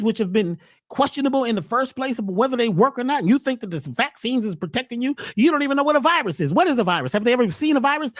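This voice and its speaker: A woman's voice: no echo, studio quality. A woman holding forth in a slangy, emphatic monologue, firing off rhetorical questions. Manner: rhetorical questions, animated swings in pitch and voice. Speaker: host, wellness speaker. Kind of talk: preachy monologue.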